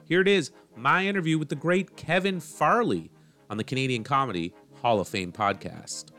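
A man's voice: medium pitch, moderate pace, pushed and bright, faint music behind. A man hosting a comedy podcast, introducing his guest and leading an interview. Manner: introduces guest then asks about stories. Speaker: podcast host.

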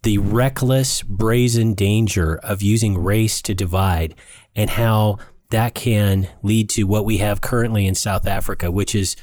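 A man's voice: fairly low pitch, fairly even intonation, a little mellow, dry recording, clean studio sound. Man co-hosting a political chat. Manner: reads listener comments, drawn-out emphatic phrasing. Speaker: podcast co-host.

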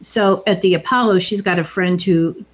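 A woman's voice: medium pitch, fairly even intonation, normal speed. A middle-aged woman in casual chat, recapping a film in a conversational, tentative way. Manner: conversational, tentative, checks details.

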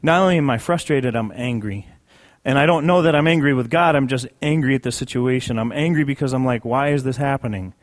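A man's voice: medium pitch, brisk, hardly any pauses. A man sharing a personal testimony in a sermon, conversational and emphatic, repeating key phrases for weight. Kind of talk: sermon storytelling.

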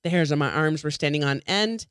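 A woman's voice: low voice, fairly quick, a bit bright, smooth, no echo, clean studio sound. A woman co-hosting a podcast, reading a ghost story aloud with dramatic flair and the odd small stumble. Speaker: podcast co-host.

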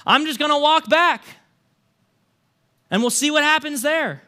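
A humble young son walking home to confess, his words plain and earnest, as a pastor voices him. The voice is very high for a man and bright. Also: measured pace, exaggerated voice.

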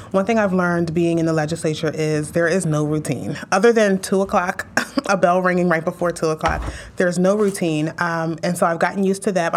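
A young woman legislator being interviewed, talking emotionally and animatedly about her work and family. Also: lowish voice. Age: young adult. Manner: emotional, animated storytelling with laughs. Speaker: state legislator.

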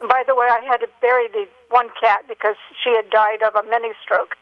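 An older woman calling in by telephone, telling a long personal story in an earnest, halting way with many fillers. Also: on the high side, flat delivery, no room sound. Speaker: caller. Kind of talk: phone-in call. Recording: dull telephone line.

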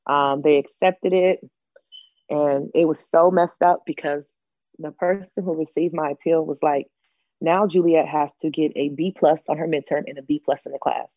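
A woman in her thirties from Los Angeles, telling her story as an interview guest, animated and acting out other people's lines. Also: low voice, normal speed, dry recording, muffled recording.

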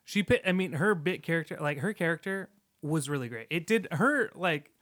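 A man in a casual film review chat, talking in an animated way with frequent fillers and acted-out quotes. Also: fairly high pitch, normal speed. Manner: animated, lots of fillers, restarts and quoted lines.

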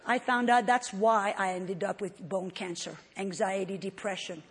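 A woman preacher giving an emotional, expressive testimony in a sermon. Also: medium pitch, normal speed, breathy edge. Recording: long hall reverb.

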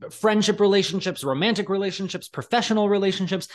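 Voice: mid-range voice, fast talker. A speaker in casual podcast chat about reality TV, agreeable and talkative, often quoting people in a put-on voice.

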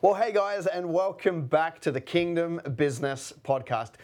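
A man's voice: a little high, lively intonation, normal speed, a little mellow. A man hosting a faith-based business podcast, introducing his guest in an upbeat way with many fillers. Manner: upbeat, filler-heavy speech. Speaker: podcast host.

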